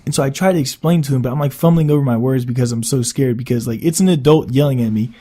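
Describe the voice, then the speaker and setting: A young man telling a casual, profane story for his vlog in an animated way. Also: medium pitch, quick pace. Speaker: vlogger.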